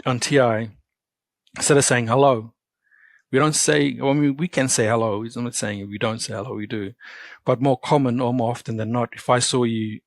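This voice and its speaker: A man's voice: mid-range voice, dry recording. A man with an Australian accent, a comedian chatting in an interview, telling stories and acting out the greetings he quotes. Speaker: comedian guest. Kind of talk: casual interview chat.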